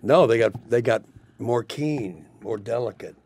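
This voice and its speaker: A man's voice: medium pitch, a little slow, a little mellow. An older man, a studio guest, rambling emphatically through his stories. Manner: rambling, emphatic, spiritual musings. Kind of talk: rambling studio interview talk. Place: radio studio.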